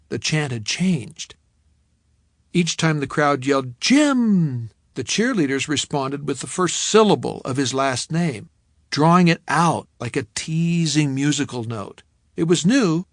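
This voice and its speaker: A man narrating an audiobook in the first person, his voice sitting a little higher than most men's. He tells the story in a measured, reflective way. The recording is close and dry, with no room sound. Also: no room sound.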